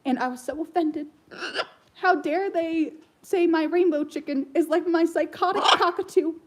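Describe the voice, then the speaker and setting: A woman's voice: very high-pitched, normal speed, low-quality recording. A woman chatting casually about her pet parrot, rambling and slipping into baby talk with the bird. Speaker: parrot owner vlogger. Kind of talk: casual chat.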